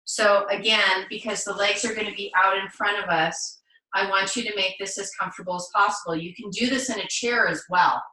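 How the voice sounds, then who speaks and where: A woman teaching a live online yoga class, cueing poses gently and encouragingly with playful asides. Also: medium pitch, steady tone, brisk, roomy sound, far from the mic, rough recording. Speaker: yoga instructor. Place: home room, on a video call.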